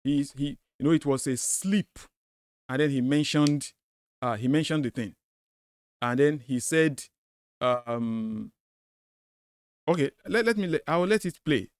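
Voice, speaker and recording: A man breaks down a debate clip with insistent, repeated points. His voice sits on the high side and sounds close and dry, with no room around it. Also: unhurried, long pauses, no echo. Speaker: host of a commentary video.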